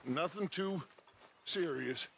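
Coaxing outlaw gang boss. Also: male voice, on the high side, slow, gravelly, fairly bright tone, slight background noise, heavily acted. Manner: coaxing, paternal. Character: smooth persuasive middle-aged male outlaw gang leader.

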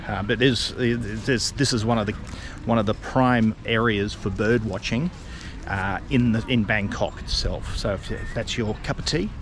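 A middle-aged Australian man narrating a casual walking vlog outdoors, rambling and chatty with lots of fillers and restarts. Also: lowish voice. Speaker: travel vlogger. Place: outdoors in a city park. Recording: outdoor street and traffic noise.

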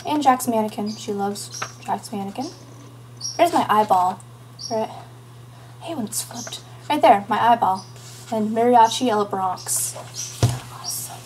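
Chatty teenage girl vlogging, fairly high voice. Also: a little mellow, a little hiss or hum. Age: teens. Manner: chatty, rambling, playful asides. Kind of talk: casual vlog chat.

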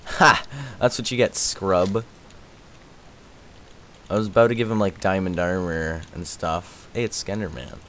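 A young man chatting casually on a live game stream, excitable and laughing often, his voice worn out. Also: deep voice, unhurried, pauses often, slight background noise. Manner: excitable, laughs often, yelps and shouts when startled.

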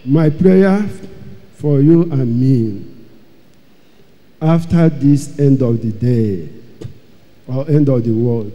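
A man's voice: mid-range voice, slow pace, long pauses, dark tone, muffled recording. Man, church testimony, dramatic repetitive storytelling, long hall reverb. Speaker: church member giving testimony.

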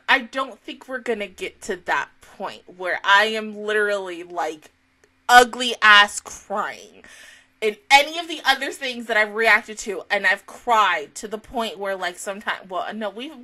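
A woman's voice: fairly high pitch, pushed and bright. A woman giving casual, rambling reaction commentary on an anime, emotional and swearing freely. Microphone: headphones on.

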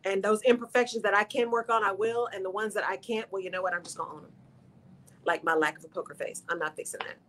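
A middle-aged woman hosts a radio show. She speaks at a medium pitch in an earnest, encouraging way and addresses her listeners directly. Her talk is motivational. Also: steady tone, fast talker, a bit bright.

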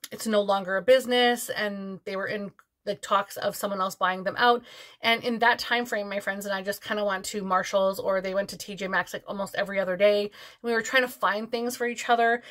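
A bubbly woman vlogger gushes through a beauty haul, her voice sitting a touch high. She chats casually and rambles with plenty of fillers, straight into a camera mic. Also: fairly bright tone. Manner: bubbly, gushing, chatty with many fillers. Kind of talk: casual chat unboxing a haul.

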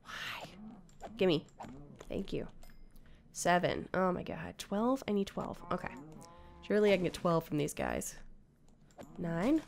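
Gravelly-voiced woman narrating her gameplay. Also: on the low side, expressive, slow pace, long pauses. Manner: chatty, talks to herself while playing. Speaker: Minecraft player. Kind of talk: casual gameplay commentary.

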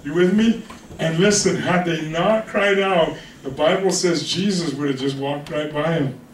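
High-voiced joking pastor, echoey hall. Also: male voice, unhurried, slight background noise. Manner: conversational, joking, keeps asking "you with me?". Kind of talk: sermon. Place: church hall with congregation. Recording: echoey hall from far off, congregation.

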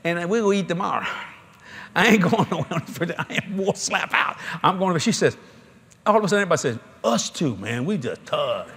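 A man's voice: sits high, brisk, creaky, breathy edge. A middle-aged man, preaching a sermon in a folksy storytelling way at a large convention. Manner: folksy, animated storytelling with laughter.

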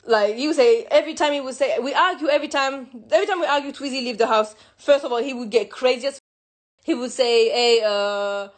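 A fairly high-voiced young woman from France tells her own story in English, her first language being French. She talks haltingly, circling back and repeating words as she goes. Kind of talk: personal confessional monologue.

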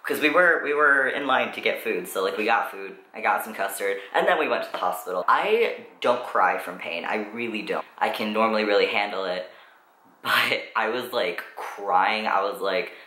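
A man's voice: fairly low pitch, expressive, moderate pace, sharp tone. A teenage young man telling a story in a casual vlog, rambling, swearing often and filling with likes. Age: teens. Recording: roomy echo.

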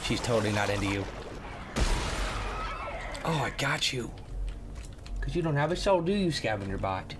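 A man giving jokey, excitable let's play commentary and talking back to the game as he plays. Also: medium pitch, normal speed, vocal fry, long pauses, noisy background. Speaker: gamer.

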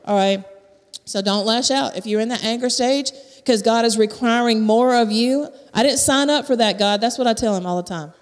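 A woman preaching, her fairly high voice carried by the long reverb of a church sanctuary. She speaks into a handheld mic, frank and chatty, and pokes fun at herself as she talks to the congregation. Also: moderate pace. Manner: candid and conversational, with self-mocking humor. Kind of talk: sermon. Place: church sanctuary at a live service. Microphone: handheld microphone.

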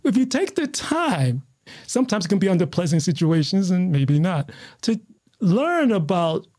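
Animated man with a lively, swooping voice. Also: sits high, normal speed. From United States. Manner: animated, excitable storyteller with many restarts. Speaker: guest, martial artist. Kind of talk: casual conversational storytelling.

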